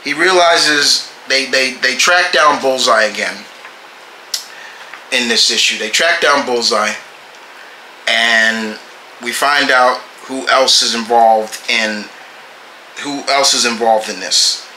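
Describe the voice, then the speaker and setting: A man casually reviewing comic books, halting and often restarting his phrases. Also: medium pitch, sharp tone, roomy sound, slight background noise, poor audio.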